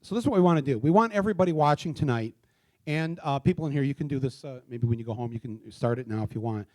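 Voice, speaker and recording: A middle-aged man hosting a live town hall in a theater, talking casually with many fillers and restarts, and spelling things out slowly. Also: medium pitch, a little mellow. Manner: spells out addresses slowly letter by letter. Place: theater stage before a live audience.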